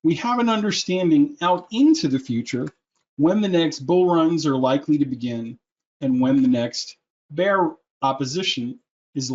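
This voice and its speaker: A man's voice: a little high, darkish tone. A man presenting a webinar in a persuasive, salesy way, with joking asides, over a computer mic. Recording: muffled lo-fi audio.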